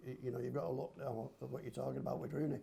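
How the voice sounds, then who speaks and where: A grandfather on a podcast, this older man races through rambling football stories in a mid-range, flat, creaky and dark voice. He's a homely storyteller using casual local slang in easygoing chat.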